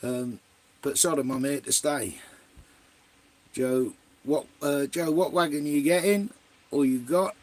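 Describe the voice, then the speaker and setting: A man's voice: on the high side, measured pace, pauses often, slight background noise. A man hosting a live stream in casual chat, greeting viewers by name and swearing freely.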